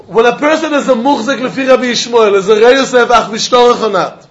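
Man, high voice, animated Talmud lecturer, questions and answers himself, dull lo-fi recording. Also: brisk. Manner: animated, asks and answers his own questions, laughs often; mixes English with Yiddish and Hebrew terms. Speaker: Talmud teacher. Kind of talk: lively Talmud class lecture.

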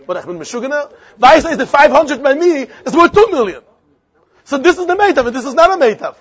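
A man with a Yiddish-inflected accent, giving a Talmud lesson in an animated, repetitive, sing-song way with many questions. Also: very high voice, quick pace. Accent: Yiddish-inflected English. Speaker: Talmud teacher.

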